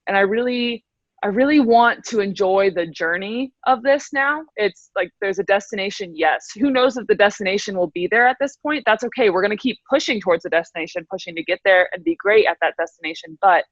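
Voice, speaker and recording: A woman's voice: mid-range voice, lively intonation, a little fast, no room sound. A woman in her twenties, a professional swimmer, chatting as a podcast guest in an upbeat way, laughing often and using many fillers. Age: 20s. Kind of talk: casual interview chat. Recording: dry, slightly dull audio.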